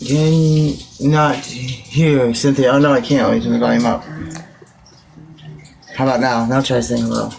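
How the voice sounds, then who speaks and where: A woman's voice: very deep voice, little pitch movement, a little fast, gravelly, long pauses, a crowd in the background. A woman chatting casually on a livestream with offhand remarks and short mumbled replies.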